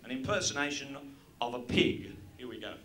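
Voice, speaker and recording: A man's voice: mid-range voice, animated, fairly quick, fairly bright tone. A man with an Australian accent doing a crude live stand-up routine, joking at the crowd. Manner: crude, brash jokes aimed at the crowd. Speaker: stand-up comedian. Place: stage in front of a live audience. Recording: roomy live venue recording with audience.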